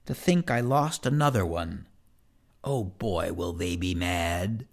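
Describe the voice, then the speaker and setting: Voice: deep voice, slow pace, vocal fry. A reader performing rhyming children's poems in a first-person kid's voice, with a playful sing-song delivery.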